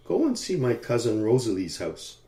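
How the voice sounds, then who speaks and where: A man voicing a brisk, hospitable female hostess in an audiobook, giving directions. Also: medium pitch, wildly swooping pitch, dark tone. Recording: roomy echo.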